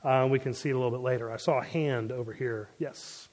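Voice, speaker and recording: Relaxed man teaching a Bible class. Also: medium pitch, quick pace, big-room sound. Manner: conversational, with many fillers and pop-culture asides. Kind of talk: casual Bible class lecture.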